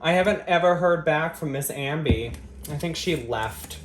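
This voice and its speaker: A man's voice: on the high side, moderate pace. A man vlogging as he cooks in his home kitchen. He talks straight to his viewers in a profane, sarcastic, mock-dramatic way and teases them. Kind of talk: cooking vlog chat to camera. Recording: echoey kitchen with faint ambient noise.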